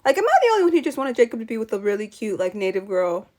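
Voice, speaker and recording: Sassy woman ranting on her vlog, slightly high voice, lively and mocking. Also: rapid-fire. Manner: animated, sassy, mocks characters in put-on voices. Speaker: channel host. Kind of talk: casual opinion vlog.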